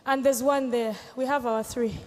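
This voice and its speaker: A woman's voice: fairly high pitch, steady tone, moderate pace, a little mellow, big-room sound, slight background noise. A Ugandan woman comedian answering audience questions on stage, playful and teasing, laughing often. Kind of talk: live Q&A on stage.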